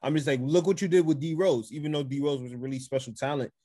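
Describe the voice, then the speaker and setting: A man's voice: on the high side, fairly even intonation, fast, warm tone, no room sound. A man co-hosting a casual sports podcast, laid-back, laughing easily and repeating his points for emphasis. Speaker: podcast co-host.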